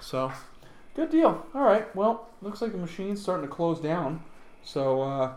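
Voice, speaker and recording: A man's voice: sits high, big pitch swings, moderate pace. Joking male co-host, rambling chat, roomy echo, faint hiss behind. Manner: rambling, joking, trails off softly. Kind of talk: casual chat. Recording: echoey room with faint noise.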